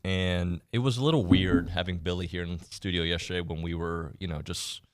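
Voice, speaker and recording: A man with a low-pitched voice hosting sports talk radio from a studio. He jokes and teases his co-hosts in loose, casual banter. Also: steady tone, fairly quick, noisy background. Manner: joking, teasing co-hosts.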